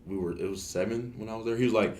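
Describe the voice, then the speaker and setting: Deep-voiced young man, relaxed. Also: fast talker, a little hiss or hum. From Canton, Ohio. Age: young adult. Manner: relaxed, loose talk with frequent "like" fillers. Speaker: guest, college football player. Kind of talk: casual interview.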